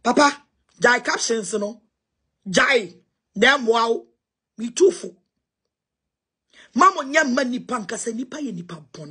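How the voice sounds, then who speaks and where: A Ghanaian woman with a high-pitched voice speaks with passion and confrontation. She switches freely between Twi and English and addresses her listeners directly and forcefully. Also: lively intonation, unhurried, pauses often, slightly rough. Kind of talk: impassioned spoken response.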